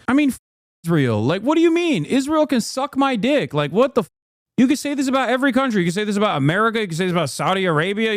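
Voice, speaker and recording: A man's voice: sits high, no room sound, clean studio sound. A man streaming political commentary, angry and ranting, swearing and repeating himself as he builds up. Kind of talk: heated live-stream commentary.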